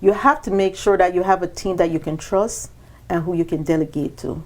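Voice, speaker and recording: A woman guesting on a business podcast talks briskly through her story, full of animation, and performs the quoted exchanges with sharp, sudden changes in pitch.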